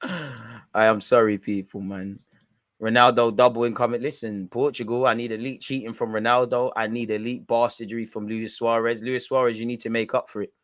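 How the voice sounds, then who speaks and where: A man's voice: medium pitch, level tone, normal speed, a bit bright, no echo, studio quality. A young man hosting a football watch-along, bantering and mocking in slangy casual chat. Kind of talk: casual live match reaction.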